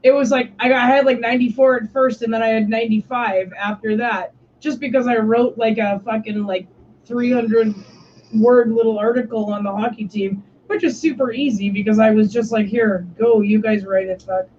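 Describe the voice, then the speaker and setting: A woman's voice: fairly high pitch, fairly even intonation, moderate pace, a little mellow, a little hiss or hum. A young woman hosting a stream, telling stories in casual chat, swearing often and saying "like" constantly. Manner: swears often, heavy use of "like". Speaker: stream host. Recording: muffled lo-fi stream audio.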